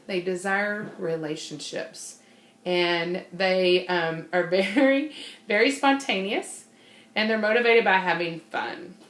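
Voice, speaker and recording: A woman's voice: mid-range voice, a bit bright, echoey room. A woman giving an informal, bubbly personality-type training talk, laughing often and unable to sit still.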